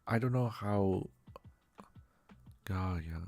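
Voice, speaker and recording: Soft-spoken Swiss German man, low voice. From Switzerland. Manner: halting, stumbles over foreign names. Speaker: streamer. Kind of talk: soft-spoken ASMR chat.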